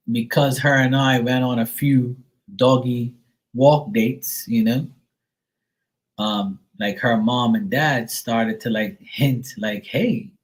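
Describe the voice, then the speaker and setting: A man's voice: mid-range voice, rough recording. Middle-aged male streamer, casual profane storyteller, heavy on fillers. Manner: mimics others in a raised voice. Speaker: live stream host.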